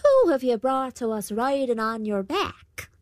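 A woman voicing an old banshee calling out in a spoken storybook, shrill. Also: sing-song, measured pace, no echo, clean studio sound. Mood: welcoming. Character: old banshee woman, loud host of a feast.

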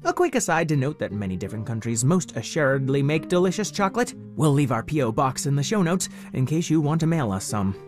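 Playful, animated male storyteller. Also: on the high side, fast, few pauses, soft background music. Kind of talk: children's story narration.

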